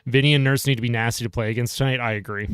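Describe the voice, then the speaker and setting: Smooth-voiced man chatting on a live stream. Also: mid-range voice, fairly even intonation, racing, a bit bright, no echo, clean studio sound. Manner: chatty, reads chat aloud and answers viewers. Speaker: live streamer reacting to a hockey game. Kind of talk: casual live-stream commentary.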